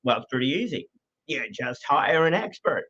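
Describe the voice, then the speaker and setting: A man's voice: mid-range voice, very animated, moderate pace, bright, forceful tone, slightly rough, dull audio. Playful man hosting his podcast. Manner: playful, self-interrupting, mock radio voice. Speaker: podcast host. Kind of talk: solo podcast talk.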